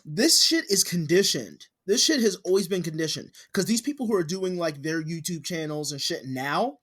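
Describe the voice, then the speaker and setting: A man's voice: a little high, animated, moderate pace, fairly bright tone, breathy edge. A man co-hosting a podcast, chatting casually and ranting, getting heated and profane. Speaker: podcast co-host. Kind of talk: casual chat.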